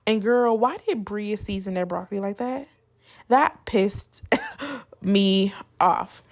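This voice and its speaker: A woman's voice: mid-range voice, slow pace. A woman vlogger giving a casual, opinionated recap of a reality show, chatty and blunt with plenty of slang.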